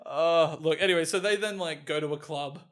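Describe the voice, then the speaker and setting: A man's voice: on the high side, brisk, fairly bright tone. A man co-hosting a podcast, chatting casually about a film with frequent laughter and acted-out quotes. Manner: giggly, acts out quoted lines. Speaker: podcast co-host. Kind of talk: casual comedic film chat.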